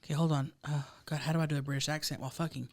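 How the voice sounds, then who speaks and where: A woman's voice: sits low, steady tone, very fast. A woman co-hosting a podcast, bubbly and crude in casual chat. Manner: bubbly, laughing, crude humor. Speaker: podcast co-host.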